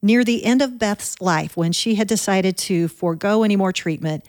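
A woman host asking gentle questions and reading a program introduction. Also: medium pitch, moderate pace, dry recording, studio quality.

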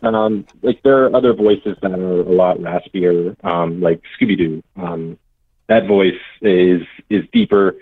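A man's voice: sits low, measured pace, breathy edge, dry recording. A young man, a voice actor, chatting in an interview, chuckling and hesitating with many fillers. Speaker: voice actor guest. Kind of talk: casual interview chat. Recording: tinny phone-like call line.

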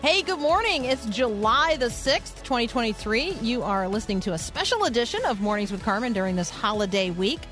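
A woman's voice: on the high side, lively intonation, brisk, hardly any pauses, music in the background. A woman radio host giving a conversational Bible teaching in an earnest, explanatory way, thinking aloud as she goes.

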